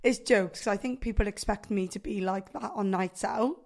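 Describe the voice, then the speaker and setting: A woman's voice: medium pitch, normal speed, vocal fry, a little mellow. A woman hosting a casual podcast chat, encouraging her guest with short reactions and frequent laughter. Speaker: podcast host.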